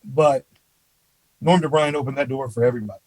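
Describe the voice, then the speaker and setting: A man who is a college baseball head coach, a podcast guest telling stories in a casual, animated way and filling his talk with "you know.". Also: mid-range voice, brisk, crowd noise, rough recording. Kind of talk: casual storytelling in an interview.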